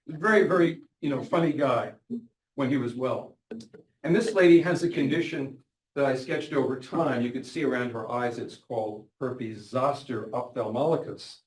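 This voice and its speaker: An older physician, telling anecdotes about patients and quoting them in lively voices. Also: male voice, medium pitch, moderate pace. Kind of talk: storytelling talk. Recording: echoey room, from a distance.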